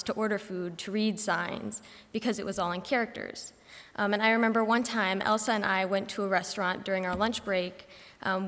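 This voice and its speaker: Young woman presenting in a hall. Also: medium pitch. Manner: relaxed, anecdotal telling. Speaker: student presenter. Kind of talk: informal class presentation. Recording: reverberant hall sound.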